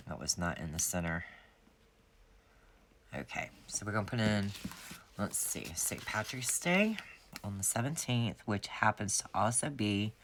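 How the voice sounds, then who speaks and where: Low-voiced chatty woman. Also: fairly bright tone, a little hiss or hum. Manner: chatty, rambling, talks straight to viewers. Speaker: planner sticker shop owner. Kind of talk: casual planner setup vlog.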